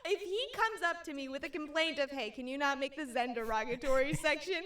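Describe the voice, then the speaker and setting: A young woman co-hosts a podcast, chatting casually and telling animated stories with lots of giggling. She speaks briskly in a high voice, captured by a distant mic with background noise.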